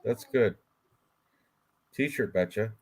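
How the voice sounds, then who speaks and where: A man's voice: lowish voice, slow pace, a little mellow, slightly rough. A man co-hosting a fight prediction live stream, joking with his co-host and greeting viewers in the chat.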